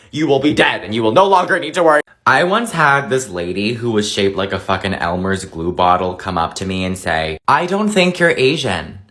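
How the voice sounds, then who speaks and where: A man's voice: mid-range voice, a bit bright. A young man delivering a profane, exaggerated comedic rant monologue.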